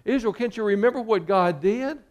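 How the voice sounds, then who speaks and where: Male pastor, slightly high voice, sermon delivery, acts out quoted lines. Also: a little fast, darkish tone. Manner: preaching, acting out quoted complaints.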